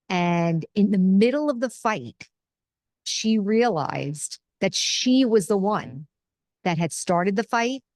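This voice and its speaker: Earnest woman giving a spiritual talk. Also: medium pitch. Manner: earnest, conversational, personal examples. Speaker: spiritual teacher and host.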